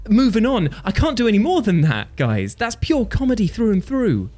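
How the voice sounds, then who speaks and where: A man hosting a comedic gaming list video, jokey and animated, with a warm, earnest sign-off. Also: high voice, normal speed, faint music behind. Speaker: host.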